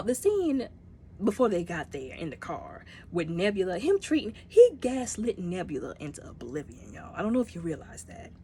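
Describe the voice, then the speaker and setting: A woman's voice: lowish voice, a little mellow, a little hiss or hum. A woman giving a casual spoken movie review, retelling scenes and acting out the characters' lines.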